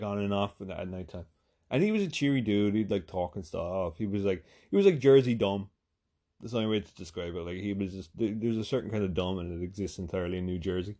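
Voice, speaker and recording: A man's voice: on the low side, dark tone. A man hosting a podcast, telling a rambling comedic story full of swearing and fillers. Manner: rambling, profane, lots of fillers. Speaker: podcast host.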